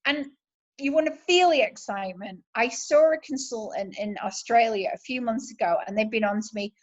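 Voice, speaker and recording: A woman's voice: fairly high pitch, normal speed. Upbeat British woman, slightly muffled sound. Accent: British English. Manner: enthusiastic and chatty. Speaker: direct sales team leader. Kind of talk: motivational business talk.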